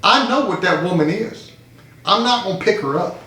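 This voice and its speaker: A man's voice: high voice, expressive, moderate pace, sharp tone. A man in a support group speaking earnestly about a life spent incarcerated, telling a parable and repeating phrases for emphasis. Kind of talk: emotional personal testimony. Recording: echoey room.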